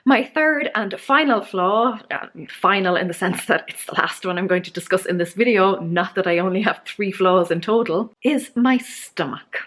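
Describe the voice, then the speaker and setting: A woman in her thirties speaks straight to camera in a confessional vlog. She is candid and self-deprecating, with a mid-pitched voice that turns animated in her asides. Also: normal speed, few pauses. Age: 30s. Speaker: lifestyle vlogger.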